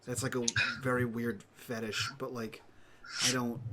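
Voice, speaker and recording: Man player, mid-pitched, exasperated and confused, faint hiss behind. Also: level tone, unhurried. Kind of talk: in-character tabletop play.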